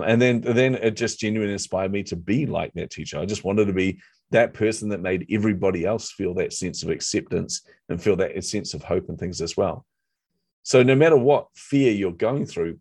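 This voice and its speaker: New Zealand accent, man, middle-aged, very deep voice, lively storyteller, self-deprecating humor. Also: breathy edge, dry recording, studio quality. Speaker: author and marketer, guest. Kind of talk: casual storytelling in conversation.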